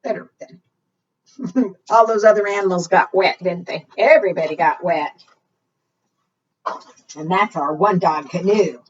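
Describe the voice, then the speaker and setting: A woman librarian reading a picture book to preschool children, animated, asking them questions and singing along. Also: fairly low pitch, measured pace, long pauses, slight background noise. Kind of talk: preschool storytime read-aloud. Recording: distant, dull lo-fi sound.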